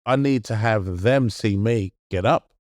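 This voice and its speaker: A middle-aged man in casual chat as a podcast co-host, earnest and halting, often restarting his sentences. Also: on the low side, darkish tone, dry recording, clean studio sound.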